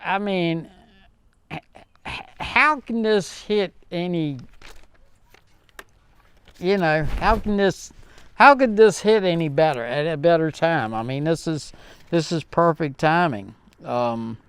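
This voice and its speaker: A man hosting his own vlog, talking earnestly and heartfelt to viewers in a halting way, with many fillers and restarts. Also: on the high side, a bit bright, clean tone. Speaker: channel host. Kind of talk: casual vlog talk to viewers.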